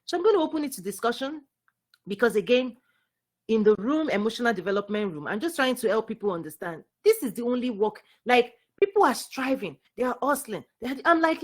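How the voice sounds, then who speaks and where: A woman giving a spiritual teaching talk, preaching with animation, repeating words and swinging between loud and soft. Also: a little high, expressive, a little fast.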